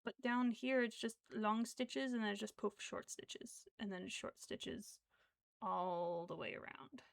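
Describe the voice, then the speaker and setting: In an unhurried, steady, mid-range voice with a gravelly texture, this crochet streamer chats in a rambling, filler-heavy way and counts stitches under her breath. The recording is dry.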